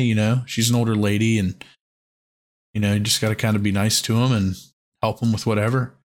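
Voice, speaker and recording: A man's voice: on the low side, level tone, a little fast. A man hosting a podcast, telling long stories in a rambling, profane way, full of "like" and restarts. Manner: rambling, profane, heavy use of "like". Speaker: podcast host. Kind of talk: casual storytelling chat.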